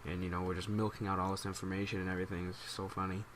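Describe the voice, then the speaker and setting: A man's voice: low-pitched, level tone, rapid-fire, a little hiss or hum. A man telling a rambling, amused story as casual commentary for his gaming channel. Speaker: gaming YouTuber.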